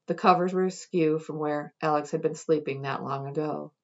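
A woman reading a passage from a novel aloud in a measured, quiet way. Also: low voice, fairly even intonation, highs cut off. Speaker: reader at a literature event.

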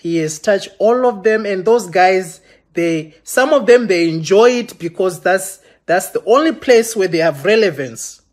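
In London, a man with a strikingly high voice goes on a heated rant to his livestream viewers. Accusing and impassioned, he stumbles over words and keeps restarting, his delivery expressive and a little slow.

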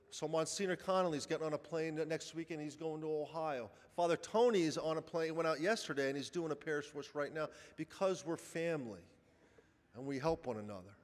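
A man speaks to a church congregation in an earnest, emphatic way that still feels like conversation, his voice sitting a little high. His words ring out through a large church with a long echo. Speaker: charity director speaking at Mass. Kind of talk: heartfelt appeal from the pulpit. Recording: echoey church hall.

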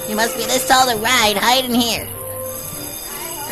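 Her voice is a little high and steady in tone, at a measured pace with long pauses, on poor audio. This young woman comments through a let's play for her gaming channel, easily startled and prone to shrieking when scared, as game music plays faintly behind.

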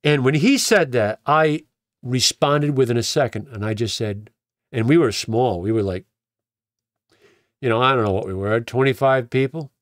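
A man's voice: medium pitch, normal speed, no room sound, studio quality. A man, a pastor, telling his own story in a conversational way, repeating words and acting out what people said to him. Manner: conversational, repeats words, acts out quoted dialogue. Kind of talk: personal testimony storytelling.

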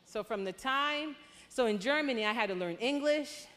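A woman from Panama shares her life story as a conference speaker, chatty and lively, breaking into sudden excited outbursts. Her voice sits a little high. It rings with the long reverb of a large church hall. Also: moderate pace. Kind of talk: testimony talk.

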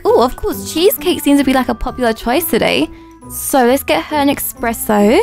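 High, excitable woman gamer. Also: normal speed, faint music behind. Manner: chatty, excitable, with gasps and playful asides. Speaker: YouTuber. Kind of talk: roleplay gameplay commentary.

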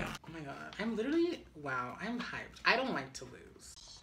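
A woman's voice: fairly low pitch, wildly swooping pitch, normal speed, crowd noise. Dramatic young woman vlogging a craft. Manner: dramatic, self-mocking, gasps and flips into whispers. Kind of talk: chatty crafting vlog.

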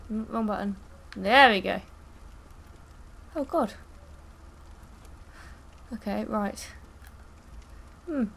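Young woman gamer talking slowly over gameplay, gravelly high voice, cusses when she dies, bit of faint room hiss. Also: fairly bright tone. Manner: swearing, frustrated outbursts and screams. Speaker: gaming video creator. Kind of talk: gameplay commentary.

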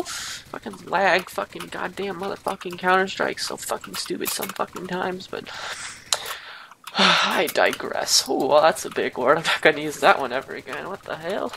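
A woman's voice: fairly low pitch, normal speed, creaky, background noise. A woman giving a parody live commentary over gameplay, rambling, boastful and swearing constantly. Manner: profane, rambling, mock-boastful. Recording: loud keyboard typing behind voice.

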